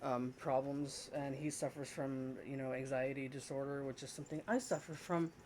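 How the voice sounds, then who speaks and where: A man's voice: mid-range voice, steady tone, normal speed, darkish tone, a little hiss or hum. A man co-hosting a casual podcast chat, rambling with frequent fillers and restarts. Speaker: podcast co-host.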